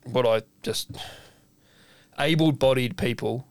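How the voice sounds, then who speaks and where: A man's voice: mid-range voice, takes it slowly, dry recording. Male co-host, chatty storyteller who swears, dry close mic. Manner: animated storyteller, acts out quoted voices, swears freely. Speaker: podcast co-host, chef. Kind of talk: casual storytelling chat.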